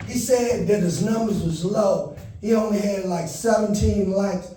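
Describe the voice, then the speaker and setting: Stand-up comic, man, high voice, warm tone, distant mic in a reverberant venue. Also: measured pace. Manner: animated storytelling, shouting in panic bits. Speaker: stand-up comedian. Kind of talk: stand-up comedy set. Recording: echoey venue heard from a distance.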